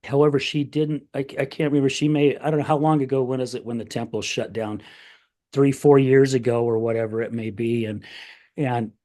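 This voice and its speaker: A man's voice: mid-range voice, little pitch movement, brisk, mellow. A middle-aged man hosting a podcast, telling a heartfelt family story in casual chat, getting emotional and acting out the voices of his family. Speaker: podcast host.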